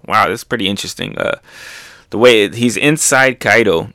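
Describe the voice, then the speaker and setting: Animated man reading a comic aloud. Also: fairly low pitch, moderate pace, no room sound, studio quality. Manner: animated, makes sound effects, laughs often. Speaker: manga reaction host. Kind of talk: casual comic read-through commentary.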